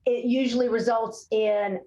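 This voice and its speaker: A woman's voice: a little high, measured pace. A woman, a speech-language pathologist, chatting as an interview guest and telling stories, often acting out what children and parents say. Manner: animated storyteller, acts out quotes of kids and parents. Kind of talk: casual interview conversation. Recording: echoey room.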